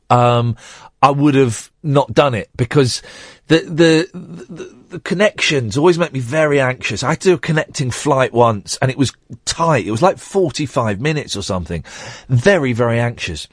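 Rambling radio host, lively pitch. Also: male voice, breathy edge, no room sound, clean studio sound. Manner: rambling, self-deprecating storytelling with many restarts. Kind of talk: late-night radio monologue.

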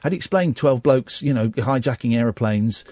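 Speaking fairly quickly into a studio microphone, a male radio host with a slightly husky voice shares stories in casual radio chat, his pitch swinging lively as he mimics people. When moved, he drops to soft, quiet tones; the sound is close and dry with no echo.

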